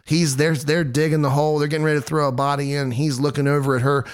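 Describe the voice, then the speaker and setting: A man's voice: on the high side, flat delivery, fast talker, smooth, dry recording. A man in his thirties hosting a podcast, telling a true-crime story in casual, jokey chat and acting out quotes in goofy voices. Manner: self-deprecating, jokey. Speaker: podcast host.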